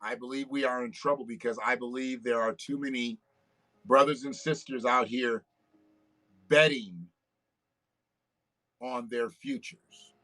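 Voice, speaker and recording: A man's voice: medium pitch, fairly even intonation, a little slow, pauses often, pushed and bright, faint music behind. Blunt, profane man ranting on a livestream. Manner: blunt, profane, preachy rants. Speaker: livestream host. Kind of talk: casual political commentary livestream.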